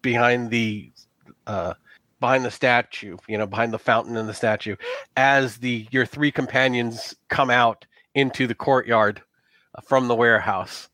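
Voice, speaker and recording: A man running a tabletop game as game master, narrating in a loose, halting way with many restarts. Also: medium pitch, fairly even intonation, pushed and bright, no echo.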